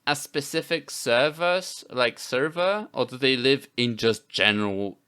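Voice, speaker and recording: A man's voice: mid-range voice, measured pace, pushed and bright, smooth. A man co-hosting a podcast in casual chat, rambling and filling gaps with "you know" and "like". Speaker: podcast co-host.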